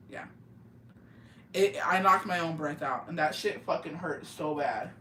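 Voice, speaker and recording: Chatting casually on a podcast, a young adult co-host tells animated stories full of profanity, slang and Spanish words, at a moderate pace. The voice is bright, sharp and mid-pitched. Because the mic is far away, it sounds roomy, with faint ambience and slight background noise.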